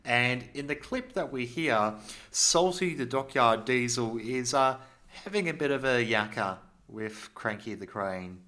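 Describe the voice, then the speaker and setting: A man's voice: medium pitch, animated, unhurried, pushed and bright. A man co-hosting a casual fan podcast, joking and stumbling over restarts. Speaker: podcast co-host. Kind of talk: casual chat.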